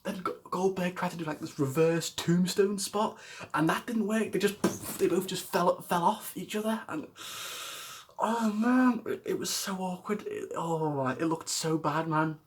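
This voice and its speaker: A man's voice: high voice, unhurried, a little hiss or hum. A man rambling through a casual wrestling reaction vlog, exasperated, swearing and laughing often. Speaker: wrestling vlogger.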